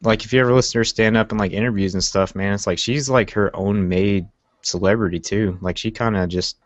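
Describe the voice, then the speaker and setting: A young man with a very deep voice chats in a loose, slangy way, dropping "man" and "like" all the time. The audio is dry and muffled, a lo-fi home recording. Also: steady tone, fairly quick, no echo. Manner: laid-back, slangy, says "man" and "like" a lot. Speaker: podcast co-host. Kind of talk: casual chat. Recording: dull lo-fi dry sound.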